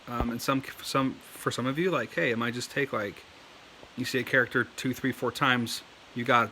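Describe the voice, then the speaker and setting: A man's voice: medium pitch, pushed and bright, a little hiss or hum. A man casually talking to camera about learning written characters, rambling and filling his speech with "like" and "um," with a cough now and then. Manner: rambling, heavy on "like" and "um". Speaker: language learner sharing tips.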